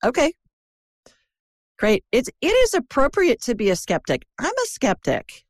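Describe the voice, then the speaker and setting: A woman's voice: sits high, huge pitch swings, a little slow, no echo, clean studio sound. A woman from Ohio hosting a call-in show, chatty and digressive, talking to a caller. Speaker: intuitive show host. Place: Birmingham.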